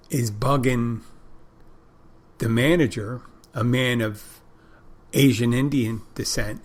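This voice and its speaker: A middle-aged man rambles through a casual podcast monologue, swearing freely and circling back on himself as he tells his story. His voice sits at an ordinary middle pitch for a man. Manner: rambling, profane storytelling with restarts. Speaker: podcast host.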